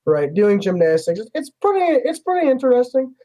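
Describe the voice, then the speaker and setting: A man's voice: very high-pitched, big pitch swings, a little fast, a crowd in the background, rough recording. Rambling man running a tabletop game. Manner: loose, rambling narration with many fillers. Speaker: game master.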